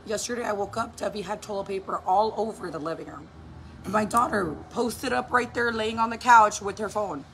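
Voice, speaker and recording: In a laid-back vlog, a thirtysomething mom animatedly recounts a story, swearing and performing other people's lines. She speaks a little fast in a mid-range voice, with a little hiss or hum in the recording.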